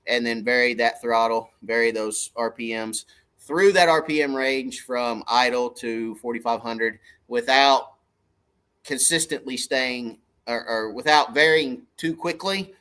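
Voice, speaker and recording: A man's voice: medium pitch, measured pace, sharp tone, clear, resonant tone. A middle-aged man, hosting a casual fishing livestream in a folksy, rambling way and greeting viewers by name. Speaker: fishing channel livestream host.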